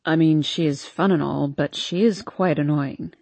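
A woman voicing a moody, brooding young man who speaks in low, curt murmurs in an audiobook. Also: moderate pace, creaky, a little mellow, no room sound. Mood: low murmuring. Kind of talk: audiobook character voice.

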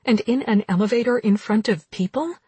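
A woman voicing a fiery young woman in an audiobook, snapping out sharp, indignant outbursts in a husky voice. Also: a little high, brisk, dry recording, voice pushed up. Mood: angry.

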